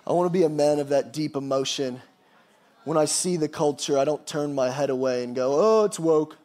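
Guy preaching a sermon, pretty high voice, reads the verses then gets emphatic. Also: fairly even intonation, fairly quick, warm tone. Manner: reads scripture aloud, then preaches with emphatic, rising passages. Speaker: pastor.

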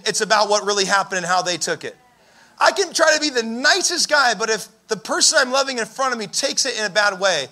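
A young pastor with an extremely high-pitched voice preaches a sermon. He tells stories animatedly and raises his voice for emphasis.

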